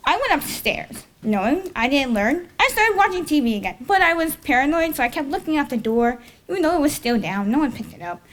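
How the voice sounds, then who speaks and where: A woman's voice: sits high, big pitch swings, brisk, few pauses, fairly bright tone. A young woman telling a personal story on stage at a live storytelling event, rambling and correcting herself and chuckling at her own tale. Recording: faint noise, live event.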